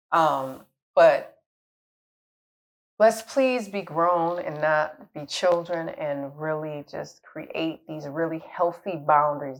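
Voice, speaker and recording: Candid woman coach, low voice, chatting. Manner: candid, conversational, laughs at her own jokes. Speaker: relationship coach. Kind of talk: casual advice talk to camera.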